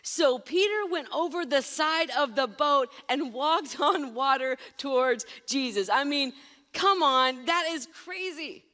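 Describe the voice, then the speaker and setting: High-voiced woman preaching in a reverberant hall. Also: expressive, unhurried, pushed and bright. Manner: emphatic preaching, addresses listeners directly. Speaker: pastor. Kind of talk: sermon. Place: church sanctuary.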